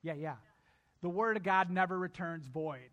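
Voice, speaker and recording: A man preaching a sermon in a bright, forceful voice, pitched a little above the usual for men. He drives his points home by repeating them and speaking straight to his congregation. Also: normal speed, highs cut off. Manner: emphatic, repeats key lines to a congregation. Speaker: pastor.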